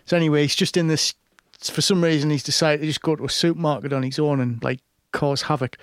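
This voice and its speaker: Brief: man, casual chatty storyteller, a touch higher pitched, dry close sound. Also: steady tone, quick pace, clean tone, no room sound. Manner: rambling storyteller, many fillers and restarts. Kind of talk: casual chat.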